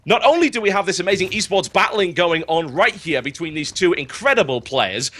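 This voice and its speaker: A man putting on a pushy infomercial salesman, rattling off a rapid, hyped sales pitch. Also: bright, forceful tone. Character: pushy infomercial salesman, male, over-eager.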